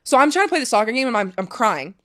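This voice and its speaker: A woman's voice: fairly high pitch, sing-song, racing, bright, forceful tone. Candid young woman telling a story. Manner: candid, swears freely, heavy use of "like". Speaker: guest, professional soccer player. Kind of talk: casual storytelling interview.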